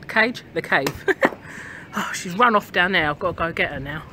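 Brief: woman vlogger, chatty and lively, narrating for viewers over clear background noise. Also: fairly low pitch, moderate pace. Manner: chatty, addresses viewers as guys. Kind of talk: casual toy vlog narration.

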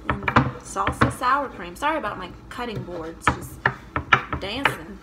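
A woman's voice: fairly high pitch, lively intonation, unhurried, very noisy. A young woman comedian filming a casual cooking vlog in her home kitchen, joking, swearing and chanting silly chopping songs.

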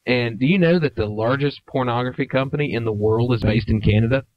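Man, podcast co-host, deadpan and offhand; average pitch, dull low-fidelity sound. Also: fast, no room sound. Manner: deadpan, offhand, hesitant restarts. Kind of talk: casual chat. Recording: dull lo-fi audio.

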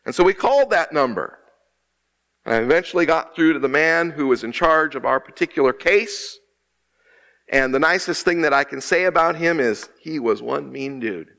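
A middle-aged man, an associate minister, delivering a sermon in a church, slowing down and drawing out key words for emphasis. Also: on the high side, expressive, creaky, fairly bright tone. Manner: preaching with dramatic pauses and slowed emphasis. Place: church sanctuary.

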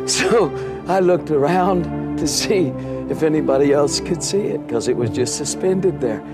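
An animated man tells a story as an interview guest, laughing often and acting out the scenes. His pitch is in the middle of the range.

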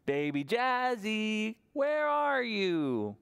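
A man voicing an anxious mother searching for her baby in a picture-book read-aloud for toddlers, calling out slowly and drawn-out. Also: high-pitched, big pitch swings, fairly bright tone, smooth, dry recording, clean studio sound, pitched above the performer's own voice, full character voice. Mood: worried calling.

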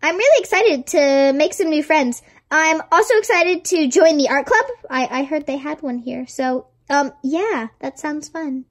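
A woman's voice: sits high, unhurried, hardly any pauses. A young woman acting out several students in a home-made skit, switching between playful put-on voices. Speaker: amateur actor playing several students and a principal.

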